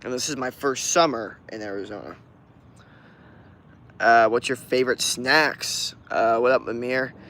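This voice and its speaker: A twenty-one-year-old man from Florida hosts a casual livestream outdoors at night, answering chat questions in a laid-back, slangy way. His mid-range voice is a little slow and a bit bright.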